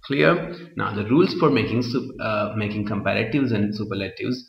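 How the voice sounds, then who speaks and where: Speaking at a normal speed in a lowish voice, this man runs a grammar class, restating each point and checking in over and over with "Clear?" His voice wanders off the mic in a muffled, echoing room.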